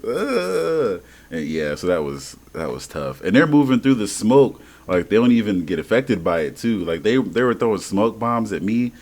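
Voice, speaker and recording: A man co-hosting a podcast in casual chat, animated and slangy, laughing often and swearing freely. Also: fairly low pitch, normal speed, hardly any pauses. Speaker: podcast co-host.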